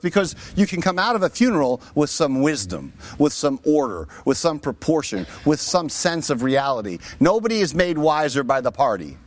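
A man's voice: a little high, very animated, moderate pace, hardly any pauses. A man preaching a sermon, with rhetorical asides to his listeners. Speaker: pastor.

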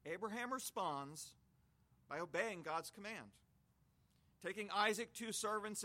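Bright-toned man preaching a sermon. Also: high voice. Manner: expository, reads scripture aloud, explains with homely images.

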